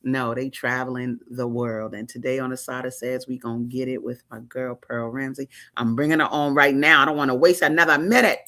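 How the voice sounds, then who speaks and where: A woman's voice: extremely low pitch, brisk, few pauses. Hyped-up woman host from chicago, slangy and playful, chatting with a guest. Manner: excited, playful slang-heavy talk. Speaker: talk show host. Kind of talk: casual interview.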